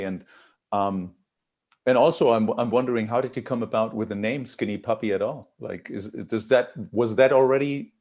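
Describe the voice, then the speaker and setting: A low-voiced man putting questions to a guest in a relaxed chat. He hesitates and restarts often as he looks for the words. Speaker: interviewer. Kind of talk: casual interview questions.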